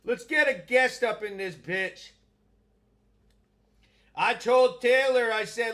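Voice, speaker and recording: A man hosting a live stream on his own, reading out viewer comments and giving shout-outs in a loud, profane, hyped way. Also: very high-pitched, slow pace, long pauses. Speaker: host.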